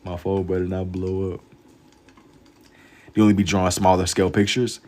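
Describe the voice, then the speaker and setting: Young guy streaming while he draws, chill slangy chat, kinda low voice. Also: little pitch movement, normal speed, a little mellow. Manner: laid-back slang-heavy banter, reads chat aloud. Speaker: live-stream artist. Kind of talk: casual live-stream chat while drawing.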